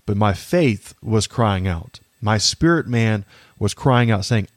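Earnest man with a low voice. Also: expressive, dry recording, studio quality. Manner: earnest, halting, with many fillers and restarts. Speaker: podcast host. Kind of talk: faith-based personal reflection.

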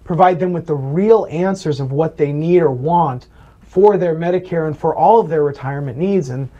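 Earnest male planner, high mellow voice, lo-fi interview audio. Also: normal speed. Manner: earnest, animated retelling of client stories. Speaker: Medicare planner. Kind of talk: interview storytelling.

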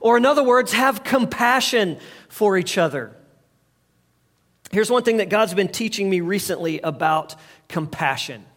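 Speaking high, animated and unhurried, with a fairly bright tone, a middle-aged pastor preaches in a conversational manner. He guides his audience through call-and-response, having them say phrases back to him.

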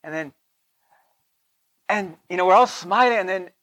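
A high-pitched preacher talks at a moderate pace in a fairly bright tone, recorded dry. His sermon is casual and chatty, dipping to whispers for asides and climbing for emphasis while he regularly checks in with listeners.

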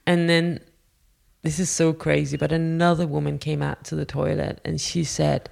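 Gravelly-voiced woman telling a personal story. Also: deep voice, flat delivery, darkish tone. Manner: candid, halting, self-deprecating.

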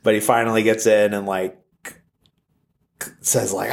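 A man's voice: on the low side, little pitch movement, slow pace, pauses often, darkish tone. A man casually retelling a film's plot, rambling with lots of fillers. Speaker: film plot recapper.

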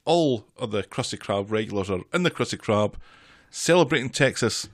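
A man co-hosting a podcast, recapping a cartoon episode in casual chat and cutting in quickly with matter-of-fact comments. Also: on the low side, expressive, dry recording, clean studio sound. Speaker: podcast co-host.

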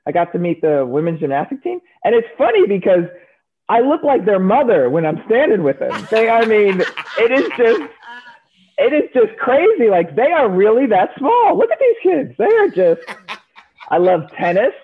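A woman's voice: medium pitch, normal speed. A woman, a former Olympic shot putter, telling stories in an interview and acting out the voices of the people in them. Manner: animated storyteller, acts out quoted voices. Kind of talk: storytelling interview answers. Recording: narrow phone-like sound.

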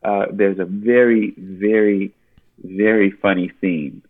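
A male actor talks loosely and playfully as an interview guest, often breaking into laughter. His voice sits low. The sound is dull and lo-fi, like a remote call. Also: steady tone, slow pace. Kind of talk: casual interview chat.

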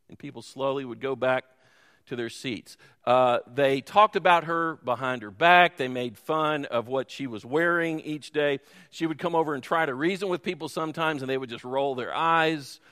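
A man's voice: fairly high pitch, fairly bright tone. A man preaching a sermon as pastor, telling a story and making self-deprecating asides to the congregation. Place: church sanctuary. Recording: long hall reverb.

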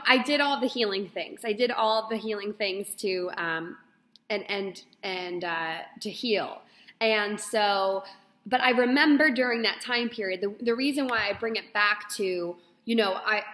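A young woman telling a personal story on her podcast, rambling and expressive with lots of fillers. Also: fairly high pitch. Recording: echoey room with long reverb.

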